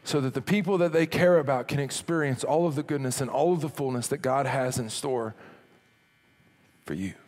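A man's voice: medium pitch, moderate pace, darkish tone. A man preaching a sermon as pastor, talking in a conversational way that often repeats and restarts words. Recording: long hall reverb.

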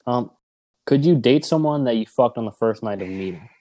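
A man's voice: medium pitch, animated, a little fast, dark tone. A man co-hosting a casual podcast chat, teasing as he sets up scenarios and leads the questions. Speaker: podcast co-host.

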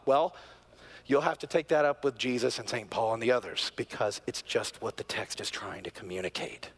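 A middle-aged male pastor preaching a sermon, telling a family story, moving from hushed, quiet moments to loud, excited peaks. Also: medium pitch, fairly quick. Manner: animated storyteller, swings from hushed to near-shouting.

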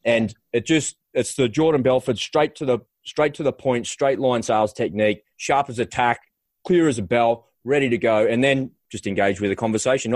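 A man hosting a podcast, chatting casually in quick bursts with frequent restarts. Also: mid-range voice, no echo. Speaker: podcast host. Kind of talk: casual conversational chat.

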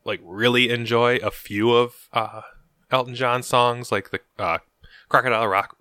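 Low-voiced guy, crisp bright tone, hesitant with lots of ums, dry close mic. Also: steady tone, no room sound. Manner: hesitant, halting, frequent ums and you-knows. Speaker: podcast co-host. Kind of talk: casual chat about movies.

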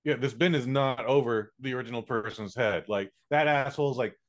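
A man's voice: mid-range voice, a little fast. A man co-hosting a casual podcast, ranting bluntly with plenty of swearing. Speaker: podcast co-host. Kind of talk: casual chat.

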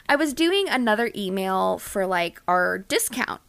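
Animated woman telling a story. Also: a little high, measured pace, hardly any pauses. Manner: animated, dramatic storyteller who acts out quotes. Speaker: podcast co-host. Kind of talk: casual storytelling chat.

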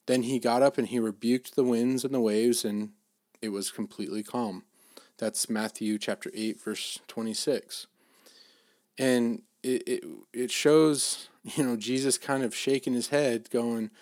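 Middle-aged man, mid-pitch, dry close sound, relaxed preaching with frequent restarts. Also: no echo. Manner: casual, halting, many restarts and fillers. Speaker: dad giving a faith talk. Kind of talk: informal sermon.

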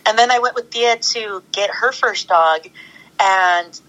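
A young woman chatting as a guest in an easygoing interview. She rambles happily with lots of fillers and laughs, and her voice is bright and forceful. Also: medium pitch, moderate pace, highs cut off. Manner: bubbly, rambling, laughs often, many fillers. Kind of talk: casual interview chat.

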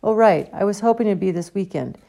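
An eager, breathless teenage boy pushes his question, pitched well above the reader's usual voice and a bit louder, as a woman reading a storybook puts him on. A gravelly grain sits under it. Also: expressive, a little fast.

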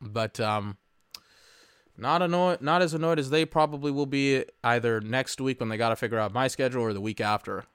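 A young man hosting a casual solo podcast, ranting with exasperation, swearing and bursting into shouts. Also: medium pitch, moderate pace, clear, resonant tone, no echo, clean studio sound. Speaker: podcast host.

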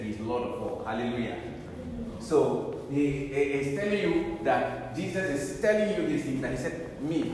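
A man's voice: mid-range voice, darkish tone, a little hiss or hum. A man preaching a sermon emphatically, repeating key words and quoting scripture. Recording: echoey hall with faint ambience.

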